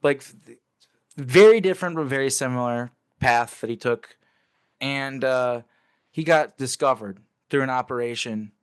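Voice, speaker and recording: A man's voice: medium pitch, normal speed, clear, resonant tone. A man talking as an interview guest, recounting memories casually but intensely and swearing freely.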